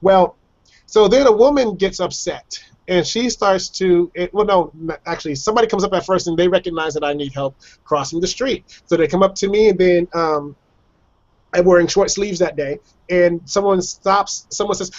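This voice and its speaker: Chatty high-voiced man on a lo-fi call. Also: moderate pace, a little mellow. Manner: chatty, laughs often, acts out voices of others. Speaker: guest telling personal stories. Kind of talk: casual storytelling on a video call show. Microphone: video call microphone.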